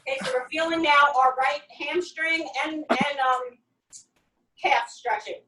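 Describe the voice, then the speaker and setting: A woman's voice: sits high, fairly even intonation, unhurried, bright, forceful tone. A woman fitness coach leading a workout, counting reps and giving upbeat step-by-step cues, recorded in an echoey room with the mic at a distance. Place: home workout space.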